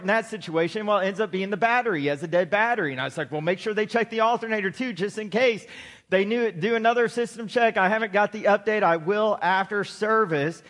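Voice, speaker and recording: Pastor, middle-aged man, very high voice, emphatic sermon with casual joking asides. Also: fairly bright tone. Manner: preaching with slow emphatic build-ups, then chatty joking asides.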